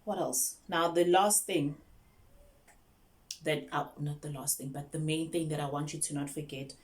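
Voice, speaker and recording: A woman's voice: low-pitched, fairly even intonation, moderate pace. A young South African woman, an online English teacher, chatting casually through tips and mixing English with Zulu.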